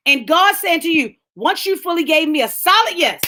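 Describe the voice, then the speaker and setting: High, bright fervent woman preacher. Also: big pitch swings, fairly quick, few pauses. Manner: fervent preaching, talks straight to listeners by name; colloquial, rising to shouts. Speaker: speaker of a lunchtime empowerment talk. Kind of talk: sermon-style motivational talk.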